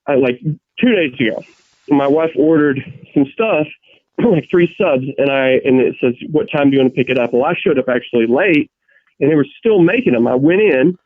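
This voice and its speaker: A man's voice: on the high side, expressive, normal speed, no echo. A man co-hosting a casual chat, telling rambling stories full of restarts and swearing. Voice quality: profane, ranting storyteller. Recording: tinny phone-like sound.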